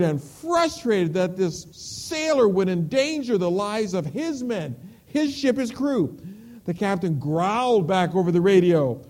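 A male preacher delivering a sermon, storytelling with emphasis and dropping to a hush on key words. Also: high voice, lively intonation, measured pace.

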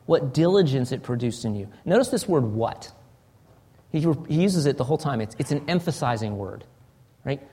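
A man preaching a sermon in an earnest, searching way, often restarting phrases and sinking to a soft, low voice. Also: big pitch swings, brisk, vocal fry, slightly rough. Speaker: pastor.

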